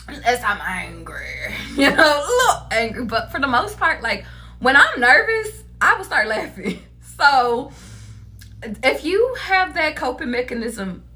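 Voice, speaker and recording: A woman giving a casual tarot reading to her viewers, animated, laughing often and cursing freely. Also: on the high side. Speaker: tarot reader.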